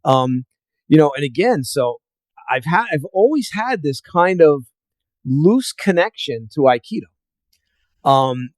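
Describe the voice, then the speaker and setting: A man's voice: a little high, lively intonation, unhurried, pauses often, no room sound. Guy telling martial arts stories on a podcast, lots of uhs and ums, dry close sound. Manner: rambling anecdotes with many fillers, acting out quoted voices. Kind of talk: casual storytelling interview.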